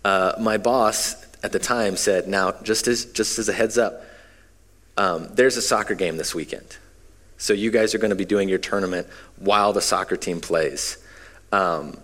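A man in his thirties preaching a relaxed, conversational sermon with stories and frequent fillers. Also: lowish voice. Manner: casual, self-deprecating, frequent fillers. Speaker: pastor. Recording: long hall reverb.

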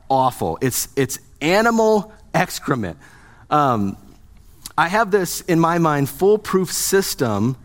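A male pastor preaching to his congregation in a relaxed, conversational way. He jokes often and stops to ask the people in front of him questions. His voice sits at an ordinary middle pitch for a man. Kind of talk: sermon.

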